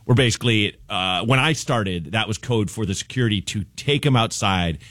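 A comedian guest on a studio radio show tells a rambling story, acting out voices and laughing along the way. His voice is fairly low and his pace moderate, with no room sound on the recording.

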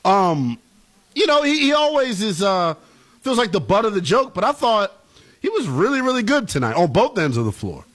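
A man co-hosting a sports talk show, giving animated, opinionated takes in casual chat. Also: high voice, normal speed. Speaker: co-host.

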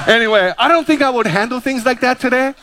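A man in his fifties from Hawaii, a pastor preaching a sermon with animated, self-deprecating stories and jokes. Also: extremely high pitch, quick pace, background noise. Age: 50s.

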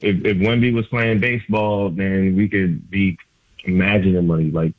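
A man's voice: low-pitched, fairly even intonation, normal speed, no echo. A man calling in as a sports writer guest, talking basketball in loose, emphatic radio chat with lots of filler likes. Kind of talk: casual sports radio analysis. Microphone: phone line. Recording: tinny phone line, dry.

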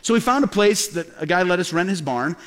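A middle-aged male pastor preaching a sermon as a lively storyteller, acting out the voices he quotes. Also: high voice, brisk. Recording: long hall reverb.

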